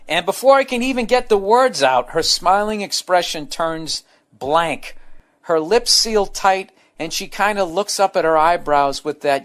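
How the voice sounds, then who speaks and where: A man's voice: fairly high pitch, very animated, normal speed, fairly bright tone. A man hosting a comedy podcast, reading a listener letter aloud and ranting about it in a profane, blunt way with stumbling asides.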